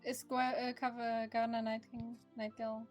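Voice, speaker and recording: A woman playing a tabletop game over a voice call, speaking hesitantly and haltingly. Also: on the high side, little pitch movement, soft background music. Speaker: player.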